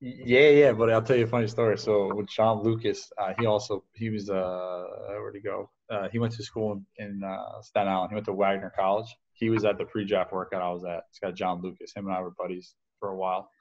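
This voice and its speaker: A man in his thirties with a very low voice tells stories in a loose, rambling way, full of "uh" and restarts. The recording sounds dull and lo-fi. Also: level tone, fairly quick, few pauses, darkish tone, slight background noise. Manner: rambling, many fillers and restarts. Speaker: baseball coach, podcast guest. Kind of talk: casual interview storytelling.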